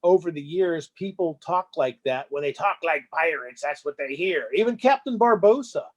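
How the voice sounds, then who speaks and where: A man's voice: fairly high pitch, lively intonation, moderate pace, dull audio. A man who hosts movies, chatting casually and rambling in an interview. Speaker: movie host.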